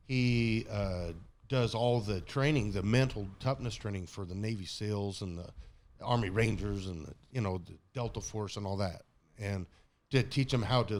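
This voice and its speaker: A man guesting on a podcast, telling a personal story in a blunt, casual way and swearing freely. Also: on the low side.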